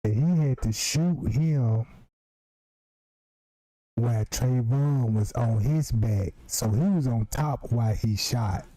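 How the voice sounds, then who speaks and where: A man's voice: mid-range voice, slow pace, warm tone, dry recording, poor audio. A man giving emphatic casual commentary on a video, repeating himself to point things out. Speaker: streamer commenting on footage.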